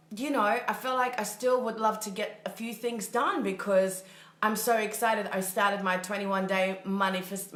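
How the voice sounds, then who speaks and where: Woman, mindset coach, casual livestream chatter, bright tone, roomy echo. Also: mid-range voice. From Germany. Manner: chatty, upbeat, thinks aloud and laughs often. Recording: echoey room.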